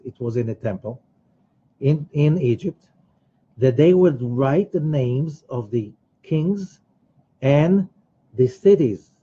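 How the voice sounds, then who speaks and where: A man teaching a Kabbalah study class in an animated way, acting out quoted voices. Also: slightly rough, highs cut off. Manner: animated, rising to emphatic high bursts; acts out quoted voices of other people. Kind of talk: religious study lecture.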